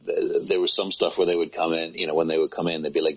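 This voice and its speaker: A man's voice: little pitch movement, fast, few pauses, husky. A man, a voice actor guest, chatting casually and self-deprecatingly with rambling restarts. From United Kingdom. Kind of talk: casual conversation. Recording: muffled low-fidelity sound.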